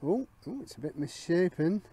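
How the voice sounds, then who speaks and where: A man's voice: on the high side, sing-song, moderate pace, mellow, breathy edge. A middle-aged man, chatting casually to viewers as he detects outdoors and thinks aloud over his finds. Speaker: metal detecting vlogger. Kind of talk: casual commentary while detecting.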